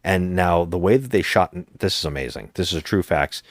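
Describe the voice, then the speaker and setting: A man's voice: low voice, moderate pace, dry recording, clean studio sound. A man co-hosting a movie podcast, retelling a film's plot in casual chat and acting out the characters' lines. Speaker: podcast co-host.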